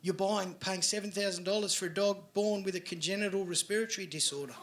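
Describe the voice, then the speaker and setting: A man's voice: high-pitched, fairly even intonation, fast talker, fairly bright tone. A man with an Australian accent doing a stand-up set on a club stage, crude and sarcastic as he chats with the crowd. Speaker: stand-up comedian. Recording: live club recording with audible laughter noise. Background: audience laughter.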